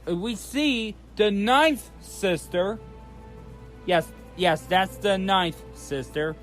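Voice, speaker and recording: A man with a rather high voice talks unhurriedly through a casual recap. He rambles, restarts phrases and keeps saying "of course". Soft music plays faintly behind him. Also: very slow. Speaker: channel host recapping a trailer.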